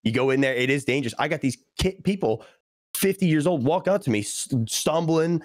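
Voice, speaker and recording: A young man chats on a podcast. He talks quickly and acts out quotes with sudden high jumps in pitch. The sound is dry and close, with no room in it. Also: animated, no echo. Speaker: podcast guest. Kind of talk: casual podcast chat.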